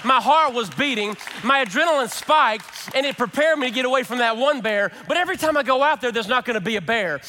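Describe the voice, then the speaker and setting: A man preaching a sermon as pastor, conversational and animated, acting out quotes from the people in his story. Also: very high-pitched, fast talker, few pauses. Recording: reverberant hall.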